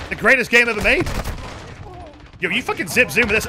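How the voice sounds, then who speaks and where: A man's voice: sits high, expressive, a little fast, pauses often, pushed and bright, slight background noise. A young man streaming a shooter game, chatting casually with profane, joking banter and offhand rants. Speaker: gaming streamer. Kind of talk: casual live gameplay commentary.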